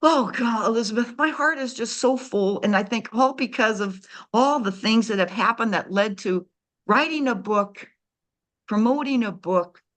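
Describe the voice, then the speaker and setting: A woman's voice: a little high, normal speed, a bit bright. A middle-aged woman telling an emotional story as a guest author, heartfelt and repeating words for emphasis.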